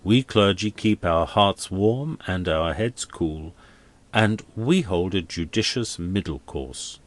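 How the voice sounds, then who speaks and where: A man voicing a smooth, hedging older male church dean who talks in a confidential tone. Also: low voice, expressive, takes it slowly.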